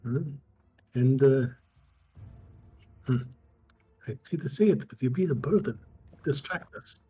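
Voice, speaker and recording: A man narrating as game master of a tabletop role-playing game, halting with frequent ums and restarts. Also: medium pitch, animated, warm tone, slightly rough, lo-fi sound.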